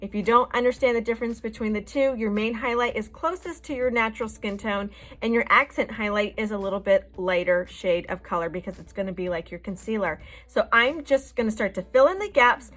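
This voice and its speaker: A woman's voice: fairly high pitch, brisk, few pauses, a bit bright. A woman hosting a makeup tutorial, explaining each step in a chatty, reassuring way. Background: faint background music.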